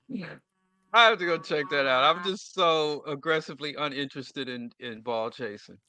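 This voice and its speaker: A man co-hosting a casual podcast chat, teasing and wry, quick to laugh. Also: on the high side, bright, forceful tone, no echo, poor audio. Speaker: podcast co-host.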